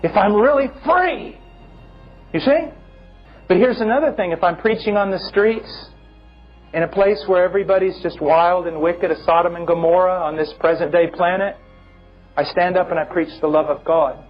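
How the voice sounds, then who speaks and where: A man preaching a sermon with impassioned, emphatic delivery and big swings in pitch. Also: moderate pace, muffled recording, faint music behind.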